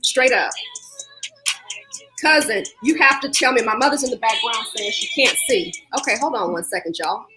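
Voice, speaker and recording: A woman hosts a live online show over a video call, and her voice sits a little high. She talks warmly, calls her audience "y'all" and drops in churchy encouragement. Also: expressive, normal speed, over music, low-quality recording. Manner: warm churchy encouragement, says y'all often. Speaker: host.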